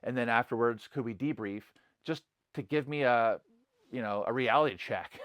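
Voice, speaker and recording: A middle-aged pastor offers a casual, unscripted reflection to camera, linking his thoughts with "like" and "you know." His ordinary male pitch is a bit bright, his tone earnest and convinced, and he speaks at normal speed in a dry recording with no room sound.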